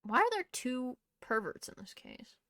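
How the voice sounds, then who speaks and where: A woman's voice: sits high, wildly swooping pitch, normal speed, a bit bright, no echo. A young woman streaming a game, chatting casually with laughing asides and the odd swear. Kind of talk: casual gaming commentary.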